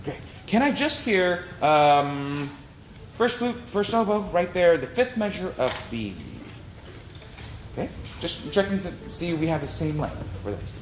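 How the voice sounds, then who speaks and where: High-voiced man conducting a rehearsal. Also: animated, a little slow, slight background noise. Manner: sings rhythms aloud to demonstrate phrasing. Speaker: orchestra conductor. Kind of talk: rehearsal instruction. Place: orchestra rehearsal room. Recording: roomy hall sound, faint music.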